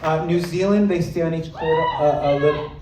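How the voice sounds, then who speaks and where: A man's voice: fairly high pitch, normal speed, recorded from a distance, a loud crowd. Roomy live stand-up comedian, man. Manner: playful, slipping into mock accents. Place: live comedy club stage. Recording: roomy live club sound with music.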